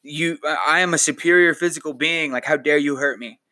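A man's voice: a little high, brisk, bright, forceful tone, no room sound. A man voicing an indignant, pompous man who scolds his bed for hurting him, in a theatrical, outraged way.

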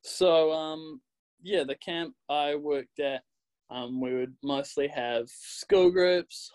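A man's voice: medium pitch, poor audio. Young Kiwi-accented man, easygoing guest, lots of ums and laughs. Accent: New Zealand. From New Zealand. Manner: relaxed, laughs often, many ums. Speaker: guest, graphic designer. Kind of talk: casual interview chat.

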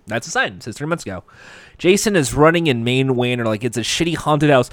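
A man's voice: medium pitch, big pitch swings, brisk, fairly bright tone, dry recording, clean studio sound. A man giving a sarcastic, profane, rambling comedic recap of a TV episode.

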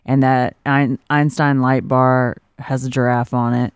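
A young woman co-hosting a casual chat, chatty and quick to laugh as she tells stories. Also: extremely low pitch, level tone, smooth, no room sound, studio quality. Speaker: podcast co-host.

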